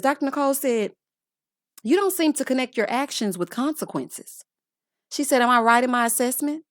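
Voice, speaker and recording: A woman's voice: on the high side, very animated, moderate pace, dry recording. Sassy woman recapping, dry close mic. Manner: sassy, exasperated, calls viewers honey and child. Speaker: reality TV recap vlogger. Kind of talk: casual opinionated recap.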